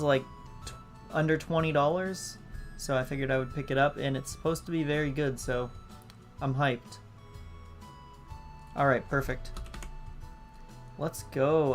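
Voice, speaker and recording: A man hosting a live gameplay stream, chatty and excitable as he greets viewers. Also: medium pitch, a little slow, pauses often. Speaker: gaming streamer. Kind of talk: live let's-play commentary. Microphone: laptop setup. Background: faint game music.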